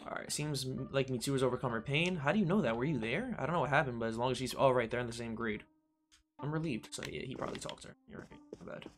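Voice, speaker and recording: A man's voice: medium pitch, quick pace, soft background music. Young New man, casual gameplay commentary, loose and profane, reads text aloud. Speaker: streamer.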